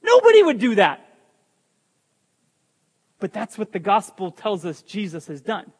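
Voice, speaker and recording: Male pastor, high voice, emphatic sermon delivery, hall reverb. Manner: emphatic preaching with asides to the congregation.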